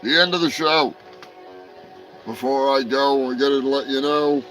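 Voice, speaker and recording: A man's voice: medium pitch, fairly even intonation, unhurried, fairly bright tone, soft background music, rough recording. A man hosting a comedy news show, profane and mocking, rambling between jokes. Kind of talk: crude comedic news rundown.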